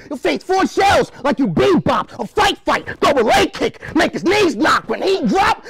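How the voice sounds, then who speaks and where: A man performing an aggressive battle rap at a live event, shouting his punchlines. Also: extremely high pitch, big pitch swings, moderate pace, creaky, few pauses, a crowd in the background. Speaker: battle rapper.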